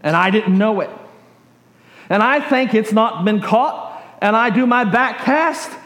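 A male pastor preaching a sermon as a lively story, stringing his sentences together with "and" as the excitement builds. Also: high-pitched, a little slow. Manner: animated, builds excitement in long chains of "and". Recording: roomy echo.

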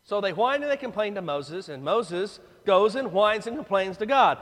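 Animated preacher in an echoing hall. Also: male voice, high-pitched, normal speed, hardly any pauses. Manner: dramatic, acts out voices of the crowd. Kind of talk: sermon. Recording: long reverb of a large hall.

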